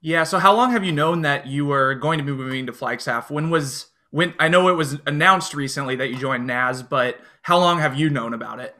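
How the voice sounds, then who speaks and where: A man's voice: fairly high pitch, moderate pace, few pauses, sharp tone. A man with a Chicago accent hosting a casual podcast, talking loosely and upbeat with plenty of fillers. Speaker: podcast host.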